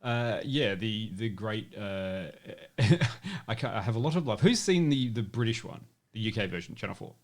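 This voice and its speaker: A man's voice: fairly low pitch, animated, moderate pace. A man co-hosting a podcast in casual chat, rambling and self-mocking, swearing freely. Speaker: podcast co-host. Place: home setup, live streamed.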